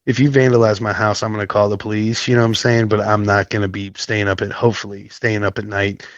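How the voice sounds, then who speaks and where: A man's voice: lowish voice, little pitch movement, fast talker, no room sound. Rambling man from Nashville, dull dry sound. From Nashville, Tennessee. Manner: rambling, many fillers, clears throat often. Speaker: podcast guest in recovery. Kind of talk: casual storytelling chat.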